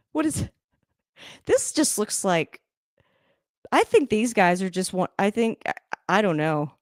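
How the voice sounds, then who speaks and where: A woman talking through a football game live from her home, rambling and chatty in a middle-pitched voice. She laughs often and jumps into sudden excited outbursts at the plays. The sound is dry and close. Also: no echo. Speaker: livestream host reacting to a football game. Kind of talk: casual live game reaction. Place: home room, moving around the camera.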